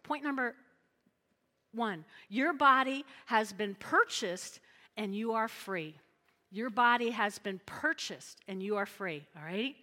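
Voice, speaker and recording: A woman pastor preaching a sermon in an animated, chatty way, often checking in with her listeners. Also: on the high side, slow, in a large hall.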